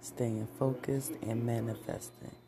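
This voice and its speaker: A man in a motivational vlog, reciting affirmations in slow, deliberate, repeated declarations. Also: mid-range voice, level tone. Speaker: vlogger. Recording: loud crowd noise behind the voice.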